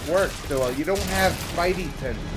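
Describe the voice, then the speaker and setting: A Canadian man giving jokey, excitable commentary while playing a video game. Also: on the high side, normal speed. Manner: jokey and excitable, breaks into shouts. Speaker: let's play gamer. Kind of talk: gameplay commentary. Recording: voice over loud game music.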